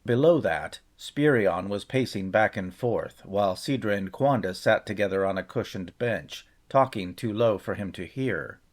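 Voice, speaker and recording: A man narrating a fantasy novel chapter in a measured, steady storytelling voice. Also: on the low side. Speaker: audiobook narrator. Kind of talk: scripted fantasy audiobook narration.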